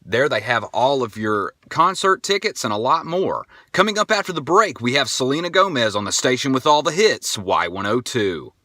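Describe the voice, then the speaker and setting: A man imitating a slick, upbeat male radio DJ reading ads, in a polished, overly smooth announcer delivery. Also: medium pitch, expressive, normal speed, few pauses, sharp tone, no echo, clean studio sound. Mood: salesy.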